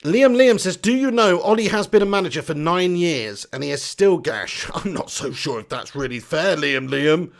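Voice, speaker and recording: A man on a live football watch-along stream, chatting casually with viewers. He gets excitable, swears freely and laughs a lot. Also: fairly high pitch, moderate pace, gravelly, hardly any pauses.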